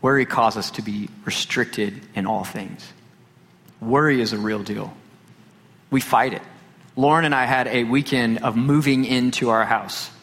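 A man, a pastor, preaching a sermon and telling a personal story with lively quoted dialogue. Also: medium pitch. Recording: long hall reverb.

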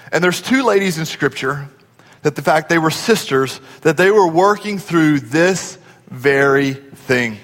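A man's voice: a little high, a bit bright, long reverb tail. A man preaching a sermon as pastor, folksy and conversational, often asking the congregation questions.

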